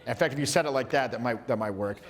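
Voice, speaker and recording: A man coaching a class in a casual teaching talk, who acts out quotes in silly high voices. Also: quick pace, in a large hall. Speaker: social skills coach.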